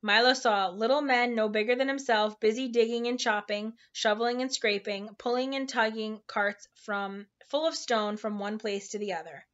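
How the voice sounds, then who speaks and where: A woman with a somewhat high voice reads a children's novel aloud at home, relaxed and unpolished, stumbling over the odd tricky word. The recording sounds dull and lo-fi. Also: normal speed, hardly any pauses. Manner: informal, stumbles over hard words and laughs at slips. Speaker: storybook reader.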